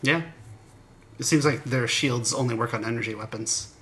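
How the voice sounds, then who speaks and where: Bright-voiced joking man. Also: mid-range voice, a little hiss or hum. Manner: joking, quick to laugh. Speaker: podcast co-host. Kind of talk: casual chat.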